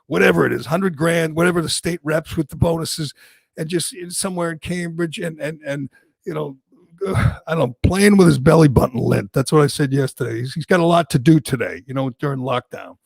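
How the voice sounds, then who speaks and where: A man hosting a political talk show, ranting and mocking in angry, loud bursts. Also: fairly high pitch, a little fast, vocal fry, slightly rough, no room sound. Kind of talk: heated political talk radio rant.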